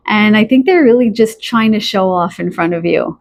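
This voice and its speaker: A woman giving a channeled pick-a-card tarot reading in a chatty, spontaneous way, often pausing to search for words. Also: mid-range voice, lively intonation. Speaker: tarot reader.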